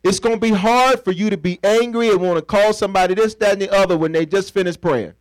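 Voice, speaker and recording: This pastor speaks quickly in a high register, drawing his congregation into call-and-response by having them fill in his words while he acts out small scenes. His sermon feels conversational and playful, though the recording is dry and rough.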